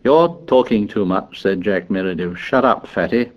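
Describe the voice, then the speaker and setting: A man's voice: on the low side, normal speed, highs cut off, natural voice. A man voicing a bossy, arrogant teenage boy who leads a choir, speaking in curt commands. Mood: haughty.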